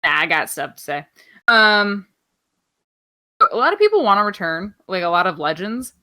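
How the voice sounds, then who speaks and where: A woman's voice: mid-range voice, sing-song, moderate pace, bright, forceful tone. A woman co-hosting a podcast, chatting casually through wrestling news in an offhand, rambling way, swearing freely and filling gaps with ums. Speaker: podcast co-host.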